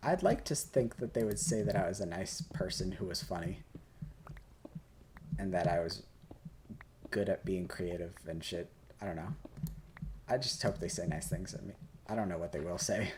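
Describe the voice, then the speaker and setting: A man's voice: low-pitched, background noise. A tipsy young man hosting a game video, rambling and joking through questions and swearing casually. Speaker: gaming host. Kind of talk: casual Q&A while playing a game. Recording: keyboard and mouse clicks behind.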